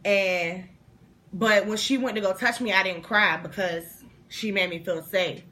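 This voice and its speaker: A young woman vlogger telling a story to camera in a casual, animated way, acting out the voices and swearing freely. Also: medium pitch, a little slow. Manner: animated, acts out every voice in her story. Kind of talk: storytime monologue.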